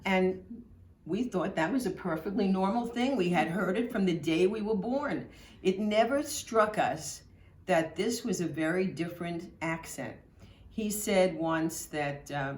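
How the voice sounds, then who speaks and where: Brief: older woman, slow fond reminiscence, echoey room. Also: low-pitched. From Brooklyn, New York. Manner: fond, storytelling delivery. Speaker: local history speaker. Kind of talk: reminiscing talk.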